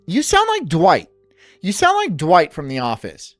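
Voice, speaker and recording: Woman streamer, crude and teasing, giggly, lowish voice, very lively pitch, dry close mic, faint music. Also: moderate pace, dry recording. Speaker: streamer host. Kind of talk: casual reaction stream chat.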